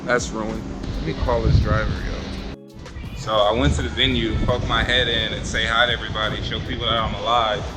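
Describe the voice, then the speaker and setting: Man vlogging over clear music. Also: on the low side, little pitch movement, fairly quick, low-quality recording. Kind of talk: casual travel vlog.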